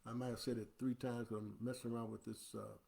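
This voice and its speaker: A man's voice: mid-range voice, flat delivery, fast, creaky, warm tone, slightly rough. A man, an imam, giving an earnest, instructive Friday sermon into a livestream camera.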